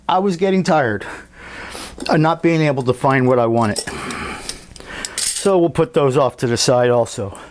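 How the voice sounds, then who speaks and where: A man talking casually about his scale model at a home workbench, unhurried and thinking aloud with fillers and restarts. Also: a little high. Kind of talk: casual hobby workshop walkthrough.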